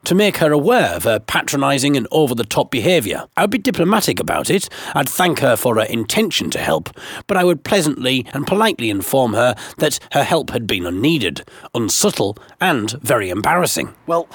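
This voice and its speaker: A man's voice: mid-range voice, sing-song, brisk, a bit bright, breathy edge, no echo. Dry, sarcastic male storyteller. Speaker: narrator and host of a comic series. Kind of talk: comic first-person storytelling.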